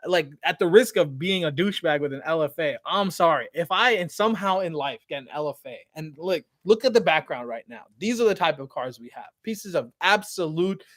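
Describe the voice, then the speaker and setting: A man's voice: a little high, fairly quick, few pauses, no room sound. Slangy male livestream host, dry sound. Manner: slangy, animated, trails off. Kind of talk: casual livestream Q&A. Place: outdoors by parked cars.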